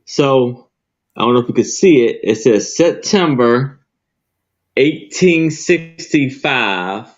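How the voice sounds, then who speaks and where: A man's voice: medium pitch, expressive, slow, lo-fi sound. A man presenting vintage items on a live online sale, describing them in a plain, hesitant way. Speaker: seller on live sale stream. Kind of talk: casual product description.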